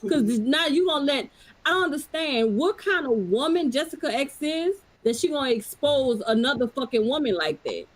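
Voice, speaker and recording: A woman's voice: sits high, lively intonation, moderate pace, rough recording. A woman on a live stream panel in heated, profane casual chat.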